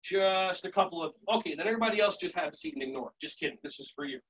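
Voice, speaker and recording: A man teaching a live virtual workshop, playful and energetic, chanting songs and shouting sudden "aya" calls. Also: sits high, rapid-fire, husky, highs cut off. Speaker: children's yoga and martial arts instructor.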